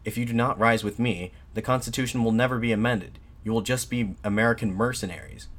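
A man voicing a defiant nationalist addressing soldiers from a balcony, in an impassioned, shouted pleading manner. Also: medium pitch, brisk, voice pushed up, close to an everyday voice. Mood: fervent, shouting.

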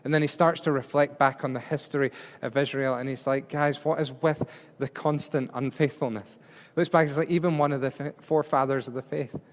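A man delivers a relaxed, conversational sermon, talking to his listeners like friends rather than orating. His voice sits at an ordinary middle pitch and carries a long reverb from a large hall. He slips into acting out paraphrased lines as he explains the text. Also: quick pace, few pauses. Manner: casual and chatty, acts out paraphrased speech. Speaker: preacher.

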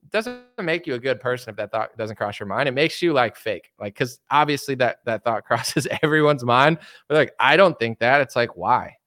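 A man's voice: medium pitch, fairly quick, hardly any pauses, no echo. Young guy streaming, rambles a lot, does little voices for people, dry mic. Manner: animated, rambling, mimics imagined people. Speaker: streamer host. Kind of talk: casual livestream commentary.

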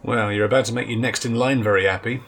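A man's voice: on the low side, fairly even intonation, fast talker, creaky, background noise. A man playing a tabletop game, speaking in a dry, sarcastic way. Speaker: player. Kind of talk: tabletop game role-play.

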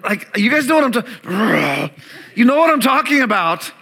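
A man's voice: very high voice, big pitch swings, moderate pace, creaky, sharp tone, breathy edge. A man preaching a sermon as pastor, emphatic and calling on the congregation to repeat words back.

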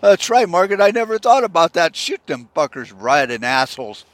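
Guy doing a smug tv newsman, a bit higher and louder than his own voice, glib. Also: sing-song, fairly quick, dry recording. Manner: smug, glib newsreader delivery. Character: smug male TV news anchor.

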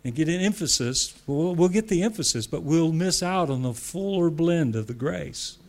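Guy preaching a sermon, voice a bit on the high side, keeps repeating words for punch. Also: lively intonation, moderate pace. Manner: repetitive, emphatic, laughs between points.

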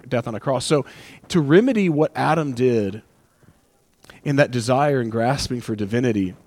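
A man's voice: medium pitch, no room sound. A man preaching a sermon as pastor, conversational and emotional, with asides and acted-out quotes.

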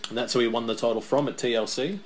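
A fast-talking podcast co-host with a medium pitch and steady tone chats his way through a casual wrestling watch-along, sharing wrestler facts and stories along the way.

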